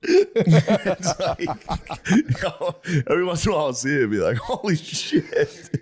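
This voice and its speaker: A man's voice: on the high side, big pitch swings, moderate pace, a little mellow, husky. A man co-hosting a comedy podcast, teasing and laughing often, swearing casually. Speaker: podcast co-host. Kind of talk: casual chat.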